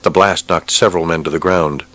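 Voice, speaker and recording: A man narrating an audiobook with a steady, measured reading. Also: sits low. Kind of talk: scripted narration.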